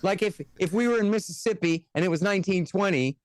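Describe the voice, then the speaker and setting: A man from the United States, a guest on a casual podcast interview, talking bluntly and sarcastically, with fast rants and mocking quoted voices. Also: high-pitched, no echo. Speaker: guest, antiwar radio host and author.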